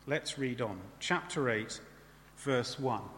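A man's voice: mid-range voice, lively intonation, takes it slowly, a bit bright, long reverb tail. A man preaching a sermon in a church in a conversational way, often adding tag questions.

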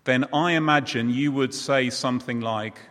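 A man's voice: medium pitch, moderate pace, a bit bright, in a large hall. A man preaching in a chatty way, talking with the congregation. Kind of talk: sermon.

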